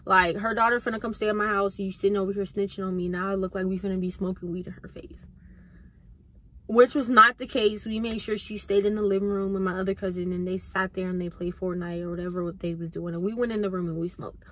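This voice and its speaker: A woman's voice: medium pitch, steady tone, fast talker, a bit bright. Young woman vlogging, slangy storytime, keeps saying y'all to viewers. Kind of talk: casual storytime to camera.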